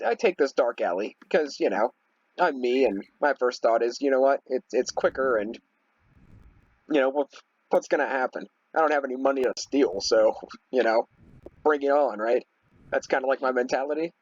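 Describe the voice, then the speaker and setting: Husky man rambling through a story. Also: medium pitch, no echo, muffled recording. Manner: rambling, many fillers and restarts. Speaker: gaming video host. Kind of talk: casual storytelling over gameplay.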